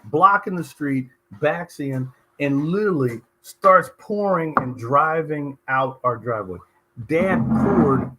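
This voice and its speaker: Middle-aged host from socal, husky and punchy, tells stories, kinda high voice. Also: male voice. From Southern California. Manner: animated and emphatic, telling anecdotes. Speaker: talk show host. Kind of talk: conversational interview storytelling.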